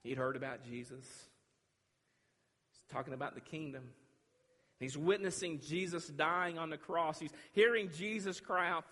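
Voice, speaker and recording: A man's voice: a little high, expressive, normal speed. Preaching man in a reverberant hall. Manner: dramatic preaching, swings from loud declaring to hushed. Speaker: pastor. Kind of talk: sermon.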